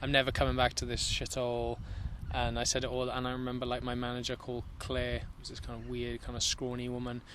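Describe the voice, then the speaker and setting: A man's voice: mid-range voice, monotone, fast, few pauses, fairly bright tone. Rambling man with crude humour, noisy take. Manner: rambling storyteller with crude jokes. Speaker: podcast co-host. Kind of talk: casual comedy chat.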